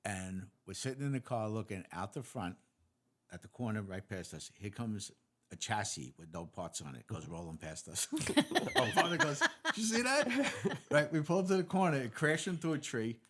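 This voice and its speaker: A man hosting a relaxed conversation, a former officer himself. He speaks in a somewhat low voice and tells his own stories with easy chuckles. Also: normal speed. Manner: relaxed storyteller, chuckles through his anecdotes. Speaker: podcast host, former police officer. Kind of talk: casual interview chat.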